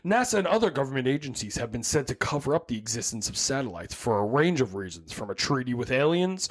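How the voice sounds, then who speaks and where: A young man hosting a casual comedy podcast, reading his notes aloud and riffing on them with frequent laughter. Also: mid-range voice. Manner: jokey, laughs often, reads notes then riffs. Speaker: podcast host.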